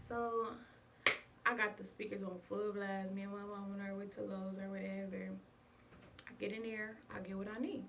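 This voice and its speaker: A woman's voice: mid-range voice, gravelly. A young woman chatting casually to her viewers, telling a story and calling them y'all. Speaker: vlogger. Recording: distant mic with faint background noise.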